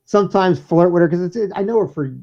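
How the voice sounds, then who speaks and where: A high-voiced man talks fast in casual banter while co-hosting a podcast he runs alongside his DJ work. His stories wander, broken up by frequent laughs and restarts, and the recording has a dull lo-fi quality.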